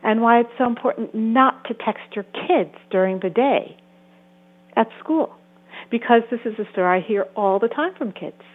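A woman's voice: fairly high pitch, normal speed. Earnest woman therapist, tinny sound. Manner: earnest, acts out quoted voices. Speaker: therapist and author. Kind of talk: interview answers.

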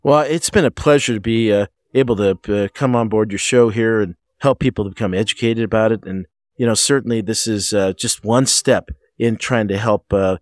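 A man who is a guest physician, answering interview questions in a halting way, often restarting his sentences. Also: fairly low pitch, no room sound, clean studio sound. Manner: halting, frequent restarts and fillers. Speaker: guest physician, medical director.

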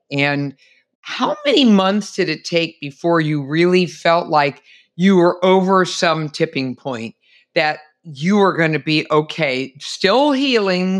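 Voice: mid-range voice, lively intonation, takes it slowly, a bit bright. Interview host who sums up and probes. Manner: guiding, sums up and asks follow-up questions. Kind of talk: conversational interview.

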